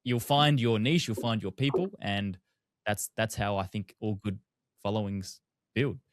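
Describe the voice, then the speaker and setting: A man with a fairly low voice hosts a casual podcast, asking long, rambling questions in a relaxed, conversational way. His voice sounds close and dry, with almost no room sound. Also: measured pace, no room sound. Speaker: podcast host.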